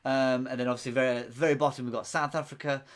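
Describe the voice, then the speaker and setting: A man's voice: medium pitch, fairly even intonation, fast talker. A man hosting a casual live quiz stream, chatty and rambling, often laughing. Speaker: quiz host.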